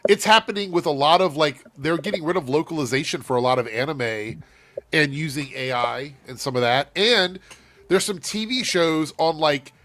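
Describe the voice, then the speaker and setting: A man with a slightly high voice hosts a loose, casual talk show. He chats bluntly and swears often. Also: normal speed, fairly bright tone. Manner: loose and profane, laughing. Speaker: host. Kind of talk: casual chat.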